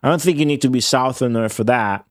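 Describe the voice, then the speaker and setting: A man's voice: mid-range voice, fast talker, a little hiss or hum. A man with an Italian accent, a streamer rambling and swearing in casual chat with his viewers while playing a game. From Italy. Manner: rambling, profane, chatty with chat readers.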